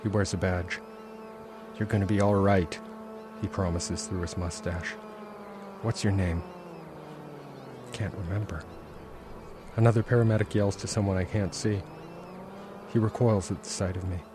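A man, the author, reading aloud from his own novel in a measured, intense first-person narration. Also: sits low, fairly even intonation, noisy background. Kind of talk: literary reading.

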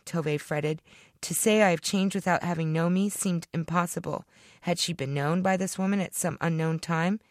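A woman's voice: lowish voice, steady tone, normal speed, no room sound. Author narrating her own fiction, dramatic and rhythmic, very dry sound. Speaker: author reading her story. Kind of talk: expressive story reading.

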